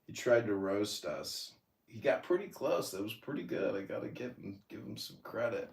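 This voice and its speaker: A man's voice: lowish voice, moderate pace, gravelly. Man signing off, distant and echoey. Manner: relaxed, chuckling sign-off. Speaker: political candidate and podcast host. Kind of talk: casual closing remarks.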